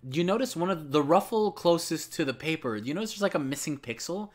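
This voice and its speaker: A man's voice: on the high side, expressive, fast talker. Joking man riffing over a game. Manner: joking, rambling asides. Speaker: let's-play streamer. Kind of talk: casual game commentary. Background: game music.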